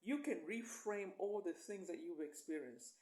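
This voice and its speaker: Lively, emphatic woman life coach. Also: fairly low pitch, normal speed, roomy sound. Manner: emphatic, coaxing, often asks "right?". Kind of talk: motivational talk to camera.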